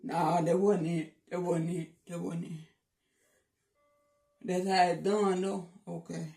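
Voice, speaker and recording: A man's voice: sits high, level tone, slow, vocal fry, darkish tone, recorded from a distance, faint music behind. A man joking around in a casual vlog, playful and teasing, repeating his lines. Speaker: vlogger. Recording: echoey room.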